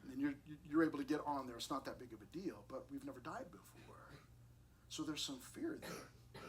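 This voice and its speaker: A man's voice: mid-range voice, lively intonation, a little fast, a little hiss or hum. A middle-aged man preaching a sermon to a youth service in an earnest, conversational way, often restarting his words.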